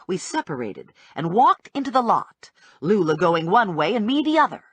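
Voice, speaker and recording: A woman narrating a first-person audiobook with wry, brisk storytelling. Her voice is husky and moves widely in pitch. The recording is dry and close. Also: sing-song, fairly bright tone, dry recording.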